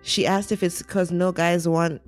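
A woman telling a personal story in a casual, animated, dramatic way, with many "like" fillers. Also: lowish voice, measured pace, soft background music. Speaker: guest storyteller.

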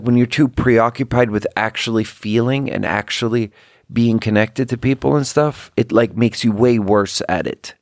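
A man's voice: lowish voice, gravelly, dry recording, studio quality. A man hosting a solo podcast, talking in a rambling, introspective and self-critical way about managing a team. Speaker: podcast host. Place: indoors at home by an open window.

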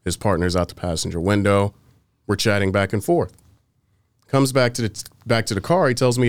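Smooth-voiced man telling a story. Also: lowish voice, normal speed. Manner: animated, acts out quoted exchanges, swears freely. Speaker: podcast co-host telling a story. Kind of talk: casual storytelling chat.

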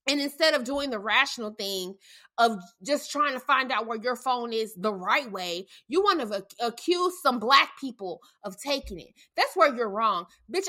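A woman co-hosting a podcast, ranting angrily in casual, profane commentary with loud bursts. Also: fairly high pitch. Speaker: podcast co-host.

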